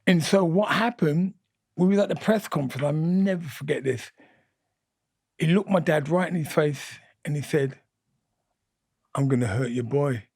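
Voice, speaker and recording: A man in his sixties, a boxing guest telling fight stories in an energetic, animated way and repeating his phrases. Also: a little high, normal speed, vocal fry, no room sound, clean studio sound. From England. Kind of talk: animated storytelling interview.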